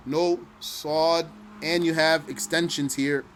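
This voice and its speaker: A man teaching recitation, explaining slowly in plain speech and then chanting verses with long, drawn-out vowels. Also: on the high side, slight background noise.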